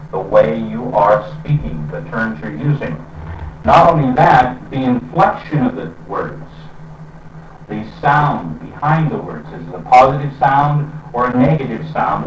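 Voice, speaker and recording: A man's voice: mid-range voice, a little hiss or hum. Distant roomy man giving a spiritual talk. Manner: unhurried, with pauses and fillers. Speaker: spiritual teacher. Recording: roomy, distant and dull lo-fi sound with faint ambience.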